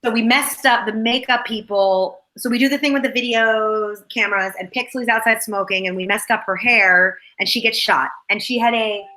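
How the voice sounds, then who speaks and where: A woman's voice: a little high, fairly even intonation, normal speed, hardly any pauses, sharp tone, low-quality recording. An actress, a woman, chatting as a guest and rambling through behind-the-scenes stories. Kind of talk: casual chat.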